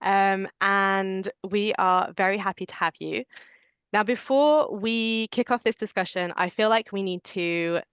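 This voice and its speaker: A woman hosts an online webinar in a smooth, fairly low voice. She walks through the housekeeping in clear, organized steps. The sound is dry and a little muffled, like a video call. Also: unhurried, a bit bright, no echo. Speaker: webinar host. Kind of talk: scripted webinar hosting.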